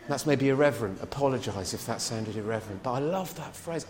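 A man delivering a sermon, lively and conversational, with asides to the congregation. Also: mid-range voice, a little fast, few pauses, a little hiss or hum. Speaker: preacher. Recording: long hall reverb.

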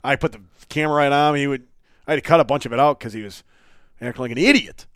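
A man's voice: mid-range voice, rapid-fire, fairly bright tone, dry recording, clean studio sound. Man rambling and joking on a podcast. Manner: joking, rambling, swears casually. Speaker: podcast host. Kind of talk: casual chat.

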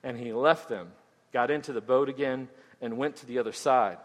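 A man's voice: medium pitch, moderate pace. Earnest preaching man in a reverberant hall. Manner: earnest, emphatic, with frequent restarts and "right?" asides. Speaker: pastor. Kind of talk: expository sermon. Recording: echoey hall with long reverb.

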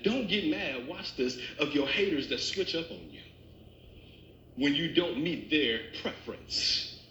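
High bright preacher man, fired up, echoey church w faint music behind. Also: animated, unhurried, a little hiss or hum. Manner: preaching, building to fervent climaxes. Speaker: pastor. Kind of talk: sermon.

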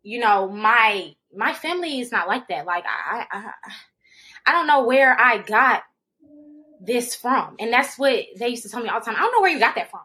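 A woman's voice: fairly high pitch, lively intonation, normal speed, sharp tone. A woman co-hosting a podcast, talking candidly in casual chat, rambling with slang and restarting her sentences. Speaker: podcast co-host.

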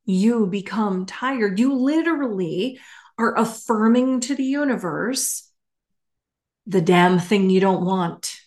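A woman hosts her own podcast in a casual solo monologue. She talks at an unhurried, drawn-out pace with a mid-range pitch, stressing her points and dropping the odd casual curse. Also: a little mellow. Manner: emphatic and candid, swears casually. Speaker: podcast host.

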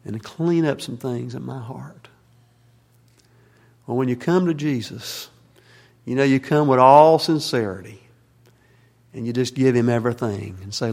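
Delivering a sermon and then a closing prayer, a Baptist pastor speaks in a plain, folksy manner with fillers and restarts. His mid-range voice moves at normal speed with a darkish tone, and the church sanctuary leaves a long reverb tail.

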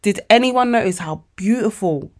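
A woman of forty, hosting a casual motivational podcast monologue, animated and emotional, calling her listeners babes. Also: medium pitch, normal speed. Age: 40s. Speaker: podcast host.

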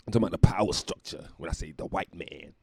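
A man's voice: sits low, fast, gravelly, warm tone, no room sound. A young man hosting a podcast from home, telling stories in a loose, profane, laughing way. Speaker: podcast host. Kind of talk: casual comedic storytelling monologue.

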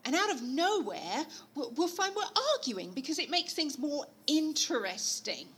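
A woman playing a bright, gushing eager actress. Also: sits high, moderate pace. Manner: gushing, excitable. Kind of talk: comedic audio play acting.

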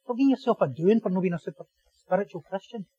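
A man preaching a sermon as pastor, animated and joking, repeating phrases for emphasis. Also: sits high, fast, husky, dry recording, muffled recording.

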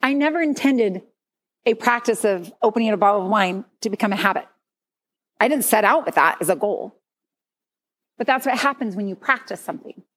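A woman's voice: mid-range voice, lively intonation, brisk, long pauses, a bit bright. A middle-aged woman giving a candid, conversational sermon testimony at church. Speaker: speaker at church.

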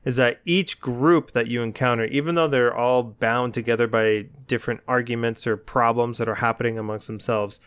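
A male podcast co-host tells a story in casual chat, growing more animated and acting out his own side of it. His mid-range voice moves at a moderate pace with few pauses and a clean tone. The recording is dry and close, with no room echo.

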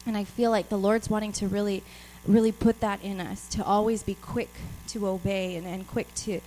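A woman's voice: mid-range voice, steady tone, normal speed, warm tone, slight background noise, low-quality recording. A woman giving an informal, personal sermon and reading scripture aloud. She speaks out of breath, chatty, with laughs and many restarts. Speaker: preacher.

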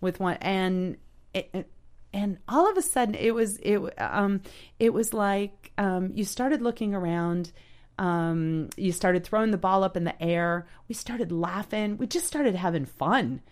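A woman telling a heartfelt story in casual chat, halting, with many restarts and "you know". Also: mid-range voice, darkish tone. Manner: earnest, heartfelt. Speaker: storyteller guest.

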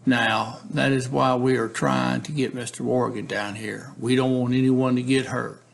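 A man's voice: mid-range voice, little pitch movement, normal speed, gravelly, natural voice. A man reading the lines of a police negotiator from a case transcript, steadily and repetitively coaxing a man to talk. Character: male police negotiator, patient, persistent, pleading.

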